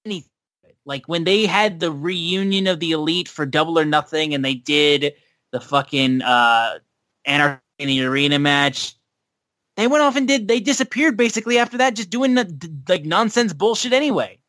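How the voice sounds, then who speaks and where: Podcast co-host, male, bright raised voice, dry close mic, profane and animated. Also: a little high, moderate pace, no room sound. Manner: animated and profane, recapping and ranting. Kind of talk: casual podcast chat.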